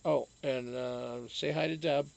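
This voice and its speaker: A man's voice: mid-range voice, steady tone, a little slow, gravelly, poor audio. A man hosting a casual live stream, rambling and joking, swearing now and then and answering chat by name.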